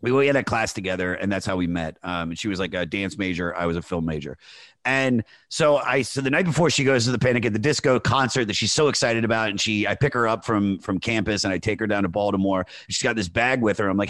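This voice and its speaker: A comedian chatting casually on a podcast, telling a rambling, animated anecdote full of fillers. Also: male voice, on the low side, quick pace, no room sound. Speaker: comedian guest. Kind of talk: casual storytelling chat.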